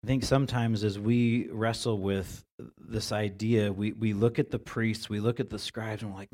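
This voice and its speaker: A man with a lowish, slightly mellow voice speaks at a normal speed with little pitch movement. He is a pastor preaching a sermon in a church sanctuary, talking conversationally and often repeating words while he searches for phrasing.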